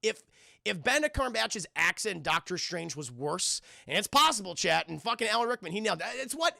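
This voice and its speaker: High, gravelly, profane streamer. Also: male voice, big pitch swings, fairly quick, bright, forceful tone, no echo, clean studio sound. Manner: profane, rambling, keeps addressing chat. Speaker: film reviewer streaming to chat. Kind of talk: casual scene-by-scene film recap.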